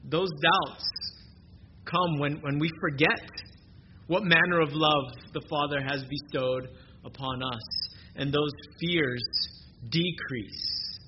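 Pastor, man, earnest sermon delivery, slightly high voice, dull noisy recording. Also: slow pace. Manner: earnest preaching, swings between soft and emphatic.

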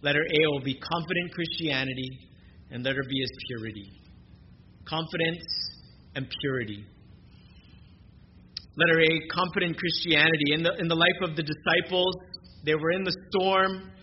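A man preaching a sermon as pastor, earnest, moving between soft, quiet stretches and emphatic rises. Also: a little high, normal speed, pauses often. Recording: dull lo-fi recording with noise.

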